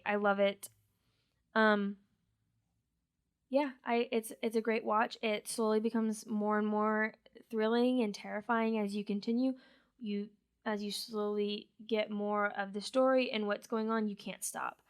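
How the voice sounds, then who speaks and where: A woman's voice: medium pitch, flat delivery, unhurried, clean tone. A woman co-hosting a podcast, chatting casually and gushing eagerly about a show she can't stop watching. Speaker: podcast co-host. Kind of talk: casual chat.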